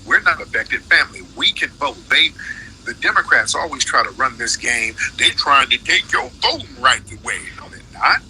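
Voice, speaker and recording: A man hosting a live stream rants through political commentary, heated and slangy, leaning hard on his points. His tone is strikingly bright and cutting. Faint background noise sits under the voice. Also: medium pitch, sing-song, moderate pace, poor audio.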